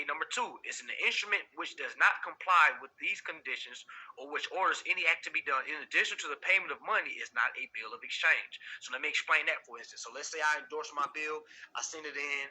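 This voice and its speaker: A man's voice: on the high side, quick pace, pushed and bright, breathy edge, rough recording. A man teaching a class, who reads a legal text aloud and then explains it in a casual, direct way, calling his listeners family and asking them questions. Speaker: instructor.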